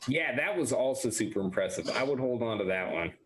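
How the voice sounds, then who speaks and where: A man chats as a player in a tabletop game, thinking aloud and laughing often. His pitch swings widely, giving the talk an animated bounce. The voice itself sits in a middle register. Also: brisk, background noise.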